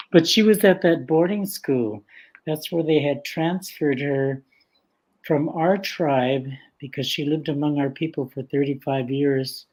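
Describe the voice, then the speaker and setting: Slightly high in pitch, an older man from the west coast of Vancouver Island, Canada, shares stories as a guest. He's gentle and unhurried in this casual storytelling, laughing frequently between phrases, and the recording is low quality.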